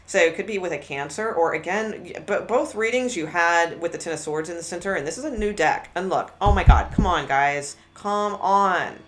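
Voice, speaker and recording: A woman's voice: on the low side, moderate pace, hardly any pauses. A woman doing a live tarot reading, candid and blunt, rambling through many restarts. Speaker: tarot reader.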